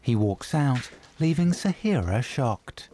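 Man describing scenes, mellow voice. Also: medium pitch, takes it slowly, a little hiss or hum. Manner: neutral, even delivery. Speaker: audio describer. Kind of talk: scripted narration.

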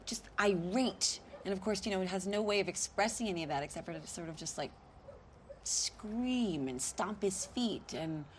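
An actress playing a concerned young woman who asks gentle, probing questions and laughs often, outdoors by a lake. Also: mid-range voice, lively intonation, normal speed, lightly acted. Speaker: film character. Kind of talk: naturalistic film acting. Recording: noisy outdoor film sound.

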